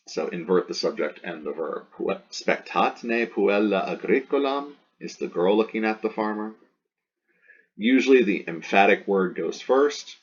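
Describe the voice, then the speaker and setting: A man's voice: deep voice, highs cut off. A man teaching a Latin grammar lesson, patiently explaining and repeating key words, stressing words to show emphasis. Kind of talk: recorded classroom lecture.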